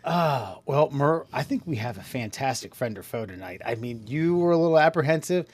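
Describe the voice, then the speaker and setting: A man's voice: mid-range voice, expressive, brisk, a little mellow. A man co-hosting a podcast, telling work stories in a playful way and acting out the people in them. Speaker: podcast co-host. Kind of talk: casual chat, storytelling.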